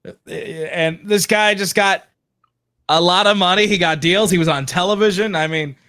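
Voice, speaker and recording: A man's voice: high voice, normal speed, sharp tone. Male co-host, lightly raised voice, eager chat-show energy. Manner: enthusiastic, plugs upcoming episodes.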